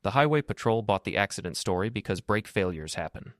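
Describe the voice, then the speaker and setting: A man playing a grave, measured rich businessman. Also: on the low side, lively intonation, dry recording, clean studio sound, close to an everyday voice. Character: calm, wealthy older businessman, measured and grave. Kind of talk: audiobook drama reading.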